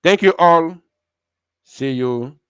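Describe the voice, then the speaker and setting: A man's voice: on the high side, takes it slowly, a bit bright, smooth, no room sound. Emphatic man addressing a live stream. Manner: emphatic, rallying, repeats himself.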